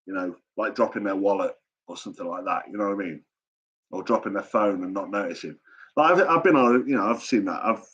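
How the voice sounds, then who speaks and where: A man's voice: lowish voice, fairly bright tone, slightly rough. A man hosting a live chat stream, talking casually in a blunt, sweary and rambling way. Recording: dull lo-fi stream audio.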